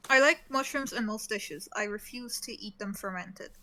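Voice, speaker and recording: A woman's voice: mid-range voice, normal speed, sharp tone. Blunt, sweary woman streamer. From Poland. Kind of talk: casual chat while gaming. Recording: noisy stream audio.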